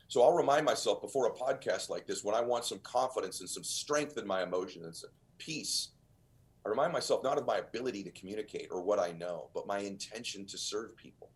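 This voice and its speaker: A man's voice: on the low side, brisk. Earnest guy on a podcast, motivational storytelling, emphatic, kinda preachy. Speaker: podcast guest.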